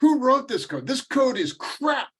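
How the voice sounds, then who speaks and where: A man voicing a blunt male programmer colleague with a Russian accent, loud and exaggerated. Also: very high voice, very animated, unhurried, breathy edge, pitched above the performer's own voice, heavily acted. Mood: scornful.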